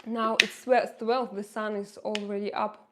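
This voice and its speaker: A woman's voice: mid-range voice, level tone, unhurried, noisy background. A woman with a Russian accent hosting a casual livestream, chatting, reading viewer comments aloud and answering them, often laughing. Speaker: livestream host.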